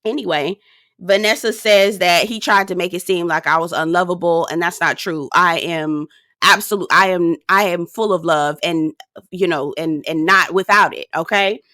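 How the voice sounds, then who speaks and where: A woman giving a sassy, animated recap and review of a reality dating show. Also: fairly low pitch, moderate pace, no room sound, clean studio sound. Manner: sassy, animated, drops into quoted voices. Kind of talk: casual commentary recap.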